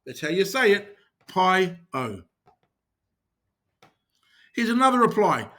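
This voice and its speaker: A man's voice: high voice, big pitch swings, fast, bright, forceful tone. A man with a New Zealand accent teaching short phrases, repeating each one and urging listeners to say it like they mean it. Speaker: language teacher. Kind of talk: scripted language lesson.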